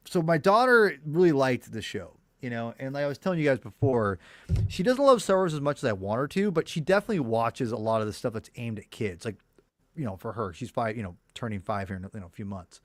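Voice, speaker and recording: A man in his thirties chats on a podcast in a mid-pitched voice. He rambles, restarts sentences and piles up fillers. The sound is dry and close. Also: lively intonation, brisk, dry recording. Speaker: podcast co-host. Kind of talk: casual chat.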